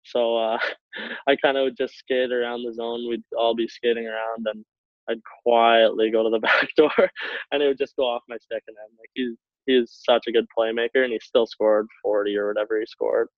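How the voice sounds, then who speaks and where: A man's voice: medium pitch, level tone, moderate pace, no echo. Young guy rambling through a hockey story, lots of likes, sounds like a phone call, super dry. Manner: rambling, many likes, laughs between phrases. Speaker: hockey player guest. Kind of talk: casual anecdote telling. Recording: tinny phone-like line, dry.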